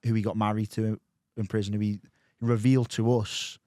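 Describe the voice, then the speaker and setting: Rambling man, lowish voice. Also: level tone, a little fast, mellow, dry recording, studio quality. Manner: rambling, with many restarts and fillers. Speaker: podcast guest. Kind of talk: casual podcast chat.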